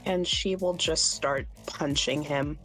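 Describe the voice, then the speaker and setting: A woman player slowly narrating her character's actions in a tabletop game. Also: deep voice, fairly bright tone, soft background music, low-quality recording.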